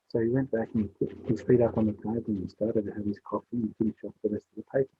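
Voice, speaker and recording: A man telling a story aloud in a relaxed oral style, switching his voice for the characters. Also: very fast, hardly any pauses, a little hiss or hum. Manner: voices the characters with rising pitch for the child. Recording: dry, tinny phone-like sound.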